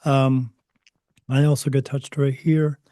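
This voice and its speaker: A man's voice: medium pitch, level tone, slow pace, mellow, dry recording. Hesitant man with a dry close sound. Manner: hesitant, many fillers and restarts. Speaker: interview guest. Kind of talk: recounting personal spiritual experiences.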